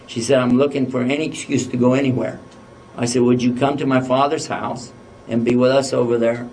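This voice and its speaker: A man's voice: medium pitch, flat delivery, fairly quick, a little mellow, slight background noise. Guy lecturing, telling a funny story, acts out the back and forth, mic a bit far off. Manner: humorous, anecdotal, acts out dialogue. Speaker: religious lecturer.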